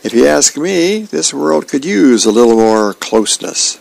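A man's voice: mid-range voice, sing-song, unhurried, gravelly, darkish tone, voice pushed up, heavily acted, low-quality recording. A man voicing a wry, sarcastic teenage boy in a comic strip reading.

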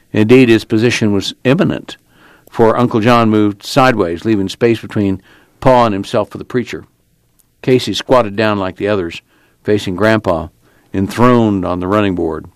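A man reading a novel aloud for a radio reading service in a plain, steady way. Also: lowish voice, moderate pace, no room sound, clean studio sound. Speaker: volunteer reader on a reading service.

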